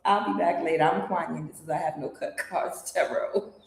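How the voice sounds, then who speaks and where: A middle-aged woman hosting a tarot channel, telling a story to her viewers in a lively, exclaiming way with frequent laughter. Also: fairly low pitch, normal speed, vocal fry. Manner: animated, exclaiming, laughing often. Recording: very echoey, reverberant room.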